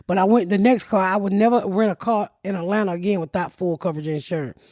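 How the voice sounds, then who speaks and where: A woman hosting a comedy podcast, telling a profane comic story in an animated way and shouting out the quotes. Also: mid-range voice, fast talker, no echo, clean studio sound.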